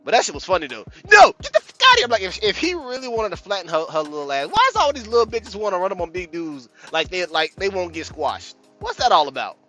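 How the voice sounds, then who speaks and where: A man hosting a casual podcast chat, telling a profane, animated story with loud outbursts. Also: high-pitched, quick pace, few pauses, faint music behind. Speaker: podcast host.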